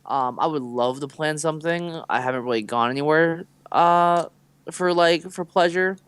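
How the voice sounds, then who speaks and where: A man's voice: on the high side, normal speed, fairly bright tone, clear, resonant tone, no room sound. Young male podcast co-host; rambling, filler-heavy delivery; resonant voice; dry close mic. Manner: loose, rambling storytelling with many fillers. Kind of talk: casual chat.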